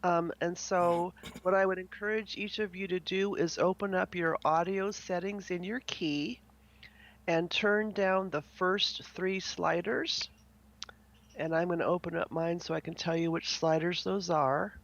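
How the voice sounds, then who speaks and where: A playful, chatty co-host welcomes viewers to a live game tour. The voice has a gravelly edge, and the audio sounds dull and lo-fi. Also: medium pitch, fairly even intonation, a little slow, a bit bright. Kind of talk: casual chat on a live stream.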